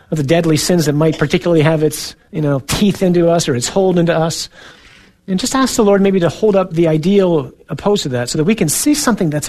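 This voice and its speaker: A male priest preaching with an earnest, conversational warmth and frequent soft asides. His voice sits a little high for a man. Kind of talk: sermon.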